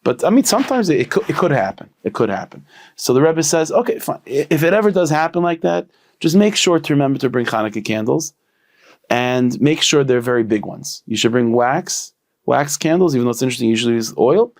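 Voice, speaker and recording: A man with a gravelly, creaky voice tells a story at a middle pitch. He talks in a loose, chatty way, full of "you know" and restarts, and lifts his voice when he quotes the people in the tale. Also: fairly quick. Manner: conversational, many fillers and restarts, lively voiced quotes. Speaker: storyteller rabbi. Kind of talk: casual spoken storytelling.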